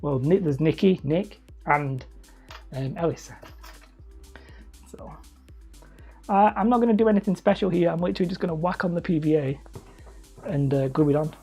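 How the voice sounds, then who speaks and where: A woman's voice: low voice, moderate pace, long pauses, mellow, husky, muffled recording, soft background music. A woman with a Wigan-area Lancashire accent, chatting casually and rambling as she builds hobby terrain on a live stream. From Leigh, near Wigan, England. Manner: chatty, self-mocking, rambling. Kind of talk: casual live-stream chat while crafting.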